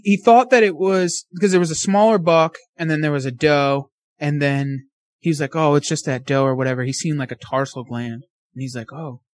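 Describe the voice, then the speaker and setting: A man telling a hunting story as a podcast guest, animated, acting out his own and his friend's words. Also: on the high side, no echo.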